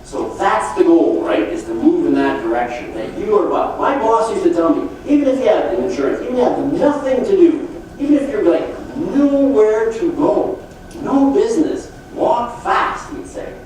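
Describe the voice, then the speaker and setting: Middle-aged guy giving a folksy sales pep talk, highish voice, big echoey hall, mic far off. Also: normal speed, slight background noise. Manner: folksy, animated storytelling. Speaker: sales trainer speaking at a conference. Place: conference hall.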